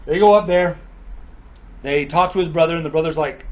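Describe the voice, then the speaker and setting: A man casually retelling an old myth in a chatty, animated, profane style. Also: on the high side, a little fast, low-quality recording. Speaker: comedic myth storyteller.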